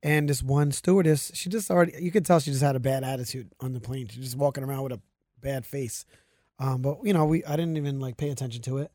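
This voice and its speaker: A man's voice: mid-range voice, fast talker, dry recording, clean studio sound. A man casually telling a story to a host, acting out the people in it. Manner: animated, acts out the people in his story.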